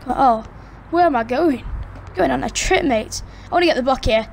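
A woman giving excited, chatty commentary on her own basketball video game match, hosting her gaming channel from a room at home. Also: sits high, normal speed, gravelly, slight background noise. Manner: excitable, chatty, cheers and groans at plays. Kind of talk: live gameplay commentary. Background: friends talking in the background.

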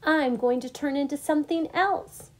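A woman's voice: sits high, moderate pace, voice pushed up, lightly acted. A woman voicing a proud, boastful female caterpillar in a storybook reading, with a bragging singsong delivery.

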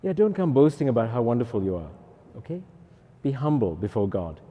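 Male priest, pilgrim talk; playful and teasing, mellow tone, echoey hall. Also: mid-range voice, a little fast, breathy edge. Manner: joking, lively, teasing. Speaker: Catholic priest, pilgrim chaplain.

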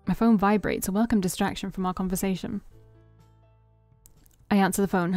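A woman streamer reading a story game aloud in expressive first-person narration. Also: medium pitch, a little fast, pauses often, soft background music. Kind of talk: reading a visual novel aloud.

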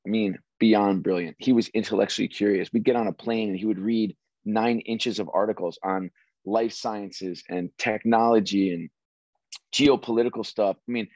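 A middle-aged man, a former sports executive, telling stories as an interview guest in an animated, restarting way. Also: on the low side, normal speed, no room sound. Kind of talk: casual interview storytelling. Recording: dry, slightly dull audio.

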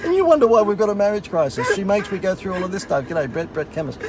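A man's voice: sits high, animated, quick pace, noisy background. Wry Australian man telling a story. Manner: wry, sarcastic, self-mocking. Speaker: host. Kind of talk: casual storytelling.

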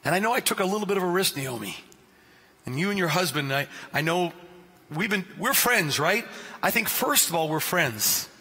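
A male pastor whose husky voice sits high preaches at a normal speed in a church sanctuary, where the long reverb fills the recording. He's an animated, joking storyteller who singles out listeners by name.

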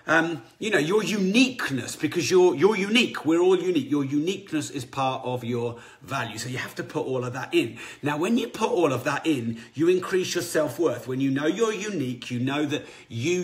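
A man hosting a motivational business podcast, talking energetically and casually correcting himself. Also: a little high. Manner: energetic, conversational, self-correcting. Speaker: podcast host.

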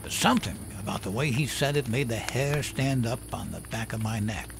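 A man voicing a gruff old male storyteller who drinks, talking in a folksy, profane, chuckling way. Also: medium pitch, brisk, background noise, pitched above the performer's own voice, natural voice. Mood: gruff storytelling.

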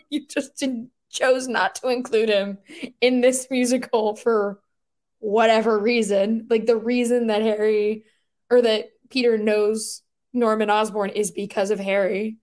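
A woman chatting casually on a podcast, rambling and animated, with lots of filler words and incredulous outbursts. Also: fairly high pitch, measured pace.

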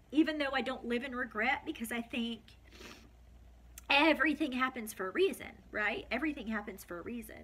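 A woman in her forties opens up in a personal vlog, her voice sitting a little high. She talks in a heartfelt, tearful way, with plenty of fillers and restarts. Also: pushed and bright. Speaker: vlogger.

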